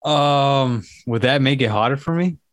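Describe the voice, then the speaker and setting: A man's voice: medium pitch, measured pace, dry recording. A man co-hosting a podcast, joking bluntly and crudely in casual chat. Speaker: podcast co-host.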